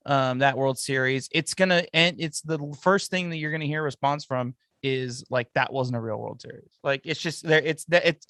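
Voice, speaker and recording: A man's voice: a little high, fairly bright tone, no echo. Blunt, opinionated man, dry close sound. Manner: opinionated and blunt, says "bro". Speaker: podcast co-host. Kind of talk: casual sports chat.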